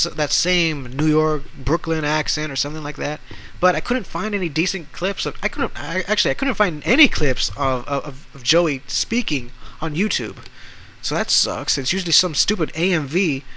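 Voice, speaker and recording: A young man hosting a casual solo podcast, talking haltingly with many restarts. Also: fairly high pitch, animated, sharp tone, rough recording. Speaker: podcast host.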